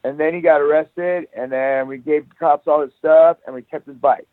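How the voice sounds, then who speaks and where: A jiu-jitsu academy owner, guesting on a podcast, spins a rowdy story thick with profanity in casual chat, acting out each beat. His voice is a bit high, steady in tone and at normal speed, and the audio comes through dry and tinny, like a phone line, with no room sound.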